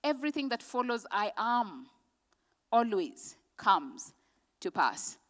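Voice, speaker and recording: A woman's voice: on the high side, sing-song, slow, fairly bright tone. A woman giving a motivational speech at a conference, speaking in short emphatic declarations and leading the audience in repeated affirmations. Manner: leads the audience in call-and-response. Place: large conference hall. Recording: long hall reverb.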